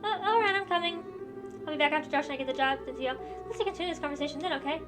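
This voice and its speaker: A woman voicing a cheerful teenage girl adventurer in a game, with an upbeat, higher-pitched read. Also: rapid-fire, music in the background, lightly acted. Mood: eager.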